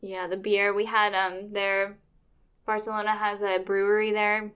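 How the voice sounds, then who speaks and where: A woman in her thirties co-hosting a casual podcast chat. She rambles along enthusiastically, her voice sitting at an ordinary middle pitch. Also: monotone, a little slow, fairly bright tone, clear, resonant tone. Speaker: podcast co-host.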